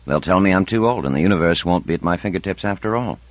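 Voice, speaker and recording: A man reading an audiobook, voicing a subdued, earnest man near fifty who speaks low. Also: animated, fast. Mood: worried, tender. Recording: dull dry audiobook recording.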